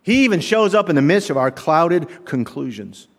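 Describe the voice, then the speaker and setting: A middle-aged man preaching a sermon as pastor, animated, asking the congregation rhetorical questions. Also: a little high, normal speed. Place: church sanctuary. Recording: long reverb of a large hall.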